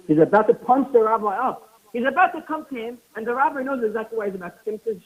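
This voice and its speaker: A man preaches with animated storytelling and keeps asking rhetorical questions. His voice is high and husky. The sound is thin and phone-like. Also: fast. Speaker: rabbi giving a talk. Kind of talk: sermon with storytelling. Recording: tinny phone-like lo-fi audio.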